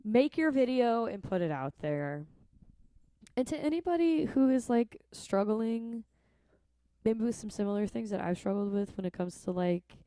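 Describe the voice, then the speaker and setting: A woman's voice: fairly high pitch, animated, moderate pace, mellow, no echo. A young woman vlogging in a casual, rambling way, chatty and earnest, often adding "like" and "right?". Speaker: vlogger and musician.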